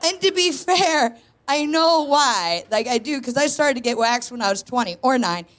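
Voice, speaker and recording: A woman's voice: high-pitched, lively intonation, normal speed, a bit bright. A woman in her thirties doing a chatty, self-deprecating stand-up set on a stage before a live audience. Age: 30s. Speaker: stand-up comedian guest.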